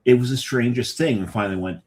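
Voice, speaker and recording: A man's voice: medium pitch, quick pace, darkish tone. A man co-hosting a podcast in casual chat, telling chatty anecdotes and laughing often. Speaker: podcast co-host.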